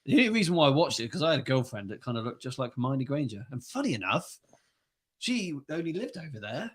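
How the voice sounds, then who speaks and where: A man's voice: mid-range voice, big pitch swings, fast, husky. A young man co-hosting a wrestling podcast, rambling and swearing through casual banter. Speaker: podcast co-host. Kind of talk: casual chat.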